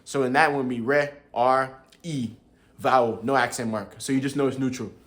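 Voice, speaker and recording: A man's voice: medium pitch, fairly even intonation, normal speed, fairly bright tone. A young man casually explaining tones to his viewers in a laid-back, chatty way, often chuckling and calling them bro. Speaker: language learner teaching viewers.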